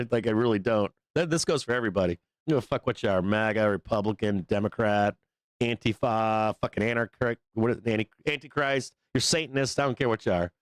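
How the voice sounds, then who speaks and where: A man's voice: on the low side, brisk, smooth, no room sound. A man hosting a live show, ranting casually in a rambling, profane way and laughing often between points. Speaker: livestream host.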